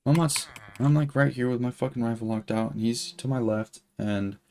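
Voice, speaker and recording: A man's voice: mid-range voice, moderate pace, darkish tone, slight background noise. A young man in his twenties telling a long story as a streamer, rambling with lots of fillers and swearing. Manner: rambling, profane, filler-heavy. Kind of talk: casual storytelling while gaming.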